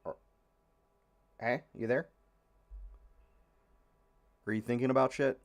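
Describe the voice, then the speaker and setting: A man's voice: medium pitch, steady tone, takes it slowly. A young man hosting a casual podcast, rambling and frustrated, with many fillers and free swearing. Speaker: podcast host. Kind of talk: casual opinionated chat.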